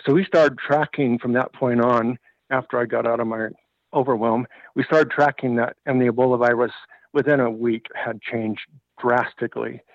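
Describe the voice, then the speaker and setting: A man's voice: mid-range voice, fairly even intonation, normal speed, no echo. A man telling a personal story as a radio guest, earnest and moved, on dull lo-fi radio audio.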